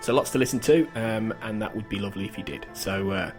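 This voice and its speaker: A man's voice: lowish voice, fast talker, faint music behind. A man hosting a podcast, running a quiz in casual chat and laughing often. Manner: giggly, chatty quizmaster. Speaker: podcast host.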